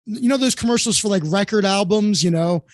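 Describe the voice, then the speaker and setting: Man, high voice, dry close sound, rambling anecdote, lots of fillers. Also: brisk, no room sound. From Florida. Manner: rambling, full of fillers and restarts. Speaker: guest comedian. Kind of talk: casual anecdote telling.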